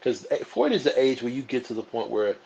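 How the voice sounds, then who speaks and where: A man's voice: medium pitch, very animated, fast talker, darkish tone, dull audio. A man in his forties, a guest on a casual livestream chat, talking in an easygoing, laid-back way. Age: 40s.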